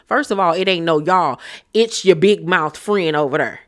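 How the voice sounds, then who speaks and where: A woman's voice: fairly low pitch, animated, slow. Heated, profane woman recapping reality TV. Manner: blunt, heated, swears a lot. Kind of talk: profane opinionated recap chat.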